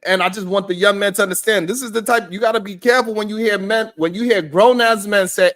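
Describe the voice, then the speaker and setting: A man with a voice that sits high talks fast, barely pausing, as he runs a live-stream show on a streaming mic. He's animated and preachy, addresses viewers directly and swears frequently.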